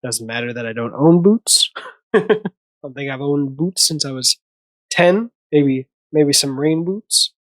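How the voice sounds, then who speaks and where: Brief: male movie-commentary host, slightly higher voice, rambling and self-correcting, dry close sound. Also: a little slow, a bit bright, no echo. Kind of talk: casual reaction commentary.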